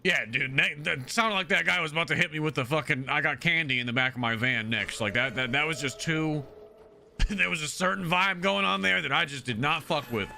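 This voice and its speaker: A man's voice: a little high, normal speed, vocal fry, pushed and bright, slight background noise. A young American man streaming live, chatting casually with his viewers, reading chat aloud in a brash, joking, profane way. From United States. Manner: reads and answers chat aloud. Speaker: game streamer.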